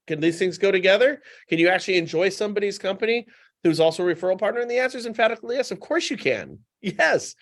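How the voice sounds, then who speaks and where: A man talking as a podcast guest in casual conversation, telling stories with animation and repeating points for emphasis. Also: high voice. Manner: animated anecdotal storytelling.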